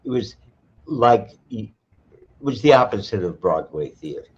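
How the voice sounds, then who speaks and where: An older man talks in a slow, halting way, pausing to find his words. His voice sits very low. The audio has the dull, muffled sound of a lo-fi video call. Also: expressive. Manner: halting, thoughtful, frequent restarts. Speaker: cultural historian and archivist guest. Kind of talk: casual online conversation.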